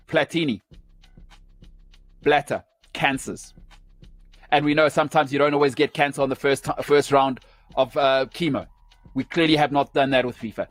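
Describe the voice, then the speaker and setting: A man's voice: a little high, a bit bright, dry recording. A man hosting a sports show, delivering an opinionated rant in emphatic, punchy short phrases.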